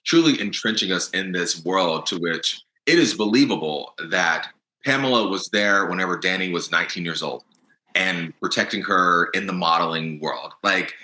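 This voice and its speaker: A man hosting a podcast interview in casual chat, halting with many fillers and restarts. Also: deep voice, bright, forceful tone, roomy sound, low-quality recording. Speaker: podcast host.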